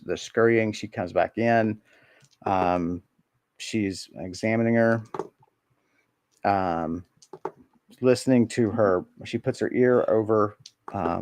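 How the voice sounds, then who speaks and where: A man narrating a tabletop role-playing game as game master, hesitant and full of ums and restarts. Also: fairly low pitch.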